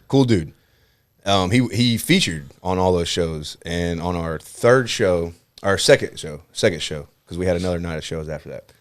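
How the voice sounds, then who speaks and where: A man telling a stand-up story on a podcast, swearing freely and acting out what people said. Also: low voice. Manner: fast, profane, animated storytelling with acted-out quotes. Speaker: comedian guest.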